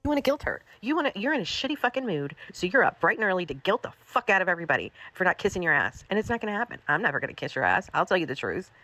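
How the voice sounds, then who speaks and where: Give me a woman streamer delivering a profane, scolding rant at a quick clip. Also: on the low side, very animated, bright, forceful tone, dry recording. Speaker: livestreamer. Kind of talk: angry ranting livestream.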